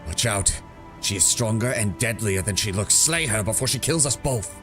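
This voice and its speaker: A cold, deceitful male dark elf assassin who speaks in a slow, measured, contemptuous way, as a deep-voiced man reads his lines. The voice is very low and unhurried. A sinister villain from a fantasy video game. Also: music in the background, close to an everyday voice. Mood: pleading. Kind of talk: reading game dialogue aloud.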